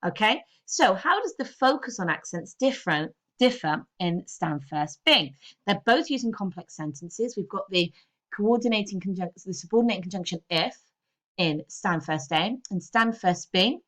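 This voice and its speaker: A woman's voice: mid-range voice, lively intonation, moderate pace, a bit bright. Woman teacher explaining text analysis. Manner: explanatory, checks in with students often. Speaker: English teacher. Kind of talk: recorded classroom lesson.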